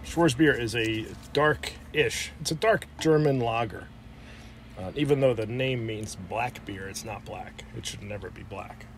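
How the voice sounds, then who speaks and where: A man's voice: lowish voice, normal speed, background noise. Joking New man talking beer. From New Jersey. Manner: joking, explains beer styles at length. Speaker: beer vlog co-host. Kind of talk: casual beer tasting chat.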